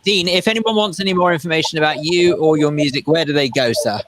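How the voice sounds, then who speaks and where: A man co-hosting a radio chat show, chatty and teasing, with quick asides. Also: a little high, fairly bright tone, slight background noise. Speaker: radio co-host.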